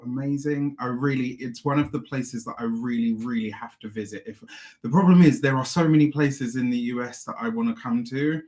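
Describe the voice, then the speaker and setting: A man, an astrologer, chatting effusively with viewers on a live stream through a small clip-on mic. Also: medium pitch. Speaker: astrologer and tarot reader. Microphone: small clip-on microphone.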